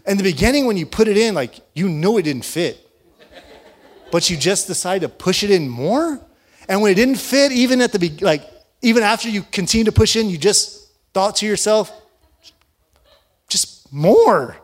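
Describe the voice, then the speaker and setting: A man preaching, an animated storyteller who laughs often and acts out the dialogue of his story. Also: high voice, fairly quick. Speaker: pastor. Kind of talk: storytelling sermon.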